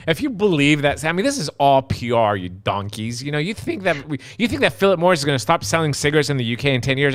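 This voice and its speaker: A man co-hosting a casual live stream, reading viewer comments and ranting with lots of profanity, dropping to mutters and rising to shouts. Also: medium pitch, expressive, fast talker, few pauses, clear, resonant tone, no echo, clean studio sound. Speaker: co-host of a live vaping talk stream.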